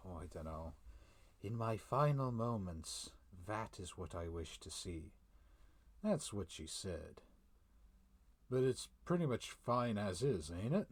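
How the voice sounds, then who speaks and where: A man's voice: sits low, no echo. A man chatting casually from a room at home, chuckling often as he reviews a manga chapter. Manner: chatty, chuckles often, reads dialogue aloud. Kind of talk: casual live reaction. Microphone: desk mic.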